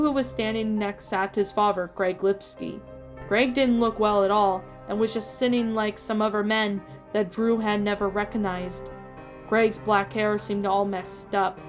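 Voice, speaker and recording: A woman reading a fan fiction story aloud in a steady storytelling voice with small slips. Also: medium pitch. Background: faint music.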